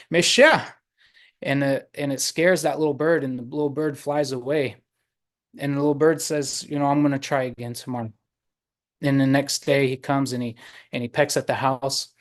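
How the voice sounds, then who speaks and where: Unhurried male storyteller on a video call. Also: mid-range voice. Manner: unhurried, warm with many pauses and fillers. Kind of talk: oral storytelling.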